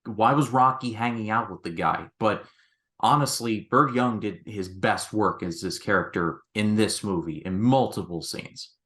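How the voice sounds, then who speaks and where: A man hosting a casual film review chat, animated and quick with asides. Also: lowish voice. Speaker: film review podcast host.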